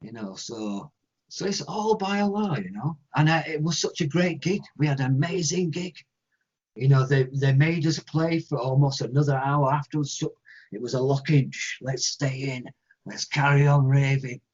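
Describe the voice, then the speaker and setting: A man with an English accent, a guest musician telling stories in an interview, animated and acting out other people's voices. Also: on the high side, moderate pace, slightly rough. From England. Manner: animated storyteller, acts out quoted voices. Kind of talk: storytelling interview answers. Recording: lo-fi muffled audio.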